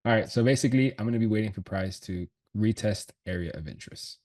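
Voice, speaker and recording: On a trading livestream, a man with a fairly low, darkish voice talks fast through his trades and chart analysis. He's slangy and casual, swears, laughs frequently and thinks aloud, all captured by a distant mic.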